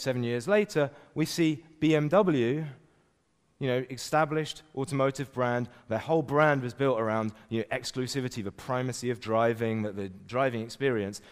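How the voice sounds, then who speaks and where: A man giving an energetic business keynote at a conference, tagging his points with "right?" and "you know". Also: medium pitch, big-room sound. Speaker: conference speaker. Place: conference stage.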